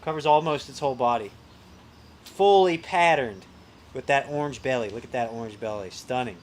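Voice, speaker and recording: A man's voice: medium pitch, moderate pace, slight background noise. A man hosting a live reptile sale, chatting casually and enthusiastically about the animals. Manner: upbeat, enthusiastic, admiring. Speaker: livestream host selling reptiles. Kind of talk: casual live sales chat.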